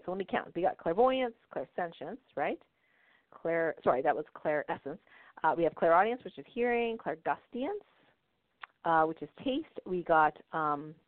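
A woman's voice: lowish voice, expressive, measured pace, no room sound. Chatty woman host on a tinny line. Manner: chatty, laughs often, keeps asking "right?". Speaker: podcast host, intuition teacher. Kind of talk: casual storytelling talk. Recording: phone-like narrow band, dry.

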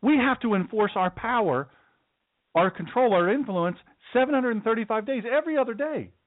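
A man's voice: very high voice, expressive, moderate pace, dry recording. Impassioned male talk host, tinny sound. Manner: emphatic, repetitive, stammering restarts. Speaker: political talk show host. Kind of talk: impassioned political monologue. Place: home studio. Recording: dry, tinny phone-like sound.

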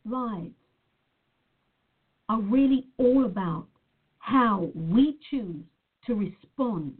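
A woman's voice: on the high side, breathy edge. A woman talking earnestly in a motivational style as a life coach, repeating words for emphasis. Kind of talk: motivational talk to camera. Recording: tinny phone-like sound.

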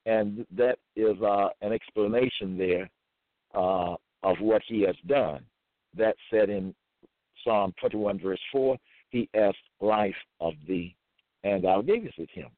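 Slow deliberate man reading scripture. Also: on the low side, no room sound. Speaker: self-styled religious preacher. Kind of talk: reading scripture verses aloud. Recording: tinny phone-like dry audio.

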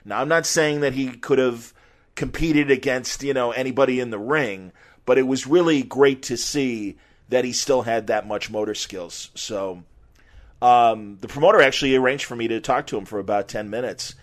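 A middle-aged man, a podcast host, telling an anecdote in an animated, casual way and acting out quotes. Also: medium pitch, moderate pace. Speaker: podcast host and former sports reporter.

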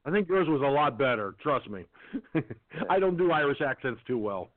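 A man's voice: medium pitch, sing-song, a little fast, no echo. A man hosting a call-in radio talk show, telling stories and breaking into cheesy impressions, heard over a phone-line connection. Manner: storytelling, slips into cheesy impressions. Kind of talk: casual chat.

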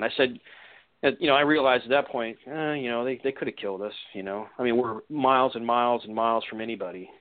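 A man's voice: medium pitch, fast. A man recounting an encounter as a guest on a radio interview, rambling with many restarts and "you know"s. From Washington state. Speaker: eyewitness guest. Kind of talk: casual storytelling interview. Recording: tinny phone line.

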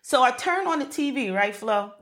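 A woman preaching with lively energy, her voice sitting a little high. She laughs often and draws answers from listeners on a call. The feel is warm church teaching, spontaneous rather than scripted. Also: moderate pace. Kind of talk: sermon.

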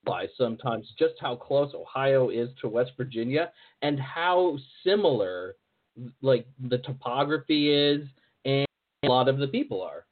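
A man hosting a podcast in casual interview chat, relaxed and joking. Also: medium pitch, normal speed. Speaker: podcast host. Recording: phone-like narrow sound.

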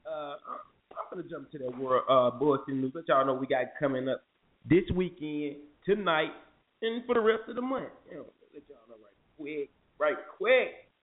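A man's voice: fairly high pitch, normal speed. A man hosting a morning talk show in a loose, jokey, slangy way. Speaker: radio show host. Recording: tinny phone-like sound with faint music.

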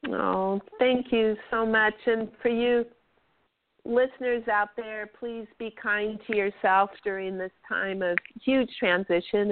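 A woman hosting a spiritual talk show, speaking gently with affirming words and frequent soft agreements. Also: mid-range voice. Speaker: host. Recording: dry phone-like sound.

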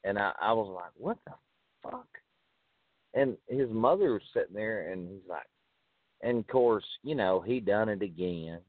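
A man's voice: lowish voice, moderate pace, no echo. A man co-hosting a podcast, rambling and hedging in casual profane talk. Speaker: podcast co-host. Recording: dry, phone-like narrow sound.

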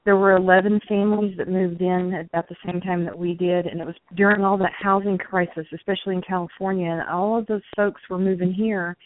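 A woman's voice: fairly low pitch, fairly even intonation, brisk, hardly any pauses, dry recording. A woman in her forties, a guest speaking earnestly in casual conversation, sometimes slipping into a preachy tone. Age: 40s. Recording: tinny phone line, dry.

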